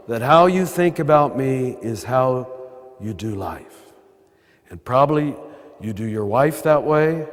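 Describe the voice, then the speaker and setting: An older man with an American accent and a throaty voice, giving a conversational spiritual talk with wry asides as a priest. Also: a little high. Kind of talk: spiritual talk to a live audience. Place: large cathedral. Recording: long cathedral reverb.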